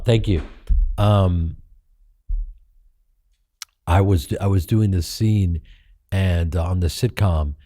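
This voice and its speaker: A man's voice: deep voice, mellow, no echo. A middle-aged man from Chicago, a guest actor telling candid stories in an interview, acting out the people he quotes in raised, profane voices. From Chicago, United States.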